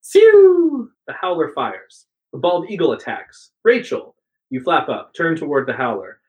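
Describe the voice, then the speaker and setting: A host reading an adventure book aloud with dramatic narration and mouth sound effects. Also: male voice, medium pitch, animated, moderate pace, poor audio.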